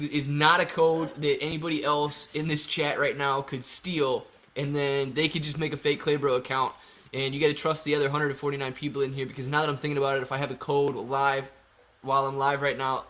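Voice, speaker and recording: A man hosting a casual livestream, reading viewer super chats aloud in a slangy, excitable way with sudden loud bursts. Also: fairly high pitch. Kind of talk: casual live-stream chat.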